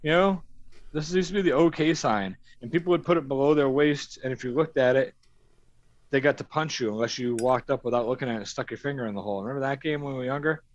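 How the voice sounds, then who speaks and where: A man's voice: mid-range voice, fast, no room sound. A man hosting a casual stream chat, rambling through stories with a lot of swearing and laughing. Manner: rambling, profane storytelling with frequent laughs. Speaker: stream host. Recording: dull, dry stream audio.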